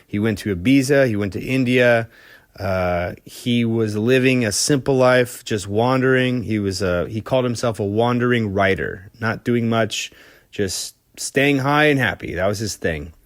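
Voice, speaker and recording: Recorded with clean studio sound and no echo, this man speaks at medium pitch and a moderate pace. Hosting a podcast, he relates a rock story casually and profanely, piling on fillers and often restarting.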